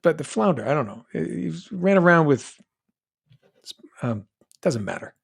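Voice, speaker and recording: A middle-aged New England man, a voice actor, answers fan questions on a live stream in a slightly high, gravelly, husky voice that's very animated at a normal pace. He chats casually, reading fan comments aloud and rambling, often interrupting himself and starting over.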